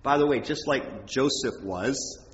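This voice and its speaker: A man preaching a sermon in a conversational, animated way, his voice rising high when he quotes prayers. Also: unhurried, slight background noise. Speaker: pastor. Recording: echoey hall, dull sound.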